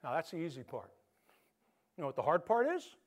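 Male pastor, high-pitched, animated conversational sermon delivery, loud-to-soft dynamics. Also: a little fast. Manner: animated preaching, swinging between loud emphasis and soft hush.

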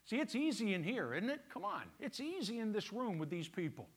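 A man's voice: high voice, sing-song, fairly quick. A man preaching a sermon to his congregation in a church, talking in a conversational, teasing way. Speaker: pastor. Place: church sanctuary.

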